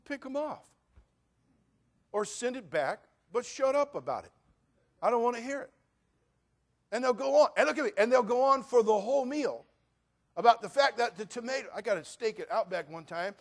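A male pastor preaching a sermon, swinging from loud rants to quiet asides. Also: high voice. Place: church.

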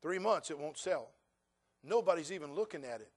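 High-voiced folksy preaching pastor. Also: male voice, animated, fairly quick. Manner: folksy storytelling, rising to loud emphatic preaching. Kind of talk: sermon.

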